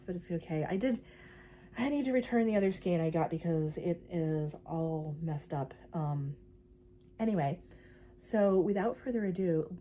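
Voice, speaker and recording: This crochet vlogger, a young woman, rambles chattily about her project with lots of fillers in a casual craft vlog. Her voice is fairly low and warm, and there's a little hiss or hum on the recording.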